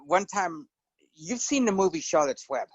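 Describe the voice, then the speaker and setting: A man's voice: high-pitched, moderate pace, breathy edge, no room sound, highs cut off. A middle-aged man chatting as a guest, telling stories and now and then slipping into character voices. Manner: relaxed storyteller who slips into character voices. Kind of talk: casual chat.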